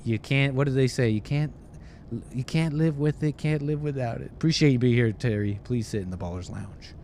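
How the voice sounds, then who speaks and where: A man's voice: medium pitch, a little fast, a little mellow, a little hiss or hum. A man hosting a livestream, reading viewer messages aloud and joking his way through a mock airline-pilot bit in casual, playful banter. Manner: playful, mock-announcer patter.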